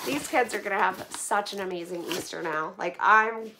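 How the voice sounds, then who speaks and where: A woman's voice: medium pitch, fairly quick, background noise. A woman vlogger chatting casually to her viewers while opening donations, gushing with thanks and saying "like" and "oh my gosh" a lot. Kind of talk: casual live chat to viewers.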